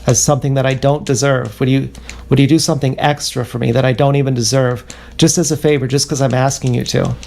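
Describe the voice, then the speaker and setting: A man livestreaming a rambling confessional monologue, halting and self-questioning, circling back over the same words. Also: mid-range voice, fairly even intonation, creaky, a little mellow, a little hiss or hum.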